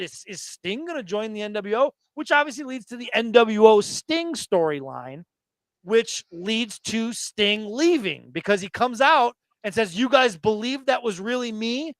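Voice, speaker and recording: High-voiced excited man, dry sound. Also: clear, resonant tone, no room sound. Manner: excited, profane storytelling. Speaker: podcast co-host. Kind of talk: casual wrestling chat.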